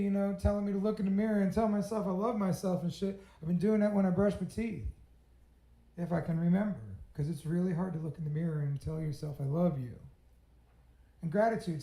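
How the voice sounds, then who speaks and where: A man's voice: high voice, steady tone, fast, warm tone, echoey room, poor audio. A middle-aged man telling a personal story to an audience, swearing freely and laughing at himself. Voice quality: swears freely, blunt and candid. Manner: self-mocking, laughs at himself. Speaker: storytelling speaker.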